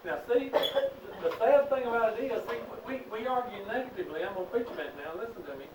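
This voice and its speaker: A man's voice: high voice, expressive, quick pace, darkish tone, slight background noise. A man teaching a Bible class in an emphatic preaching style, asking the class questions. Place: church classroom. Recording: echoey room, distant mic.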